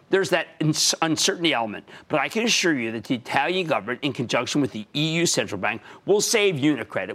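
A man's voice: medium pitch, fairly bright tone. A man in his sixties hosting a market commentary show, talking emphatically and punching key words.

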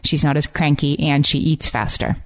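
A woman's voice: low voice, monotone, moderate pace. A woman in her forties co-hosting a podcast, reading listener posts aloud in an upbeat chat. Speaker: podcast co-host.

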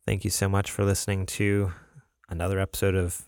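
Male podcast co-host, low and gravelly, loose rambling delivery. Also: little pitch movement, a little fast, a little mellow, no echo, clean studio sound. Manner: rambling, many fillers and restarts. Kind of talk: casual podcast chat.

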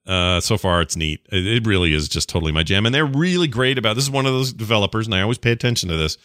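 A man's voice: fairly low pitch, lively intonation, fairly bright tone, dry recording, clean studio sound. A man co-hosting a podcast, chatting casually and enthusiastically about a video game. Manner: enthusiastic, rambling, quick asides. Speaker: podcast co-host.

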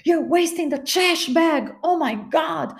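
A woman's voice: very high voice, slow pace, voice pushed up, full character voice. A woman voicing her irritable ex-boyfriend, a grown man who scolds, curses and lectures her over small things. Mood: angry. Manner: scolding, cursing, exasperated. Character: irritable stingy boyfriend, man, adult, quick to rage.

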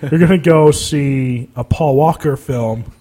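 A man co-hosting a podcast, talking in crude casual banter, loud and teasing, laughing often. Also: medium pitch, a little slow. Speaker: podcast co-host. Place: studio room in southern Utah.

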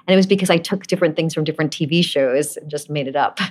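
Female actress guest from Brooklyn, low pitch, relaxed, quick to laugh. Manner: laughs often, easygoing. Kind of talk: casual interview chat.

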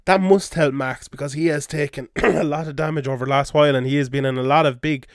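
A man's voice: fairly high pitch, steady tone, fast talker, no room sound, clean studio sound. Chatty man reading out listener questions. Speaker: podcast host. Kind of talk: casual sports chat.

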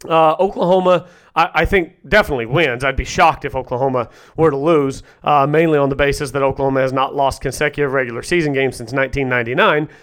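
A man's voice: mid-range voice, fairly bright tone. A man hosting a solo sports podcast, rattling off confident game picks and predictions. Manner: confident, rapid-fire predictions.

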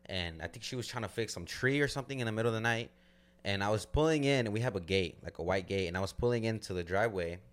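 A man with a very low voice tells a story on a podcast in loose, casual talk. He swears freely and fills his sentences with "like", and his voice climbs high whenever he acts out other people. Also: fast, clean tone. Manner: loose, profane storytelling with frequent "like" fillers. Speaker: podcast co-host.

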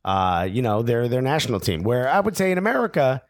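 A man's voice: mid-range voice, very animated, no room sound. Teasing podcast man, dry close sound. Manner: teasing, provocative, quick with jokes. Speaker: podcast co-host. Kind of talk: casual chat.

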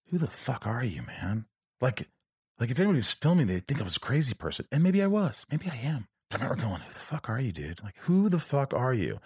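A man hosting a podcast in casual chat, animated and profane, acting out what he tells himself. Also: medium pitch, dry recording, clean studio sound. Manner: animated, profane, acts out his own inner voice. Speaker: podcast host.

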